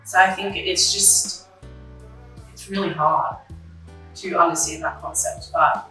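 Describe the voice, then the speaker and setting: A woman's voice: on the low side, fairly even intonation, a little slow, bright, forceful tone, distant mic. Young woman recounting loss, echoey. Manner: candid, emotional, retells her own past dialogue, many likes and ums. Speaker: interview guest. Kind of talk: personal conversation about grief. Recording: echoey room, voice off-mic, faint music.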